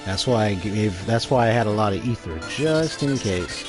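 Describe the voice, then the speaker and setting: A man's voice: fairly low pitch, moderate pace, music in the background. A man streaming live gameplay, commenting animatedly and reading the chat aloud. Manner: animated, reads game dialogue and chat aloud. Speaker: gaming streamer.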